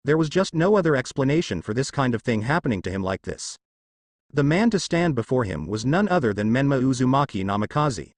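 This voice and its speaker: A man's voice: medium pitch, sing-song, fairly quick, dry recording. A man reading a fan fiction story aloud, casual, adding his own asides. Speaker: narrator.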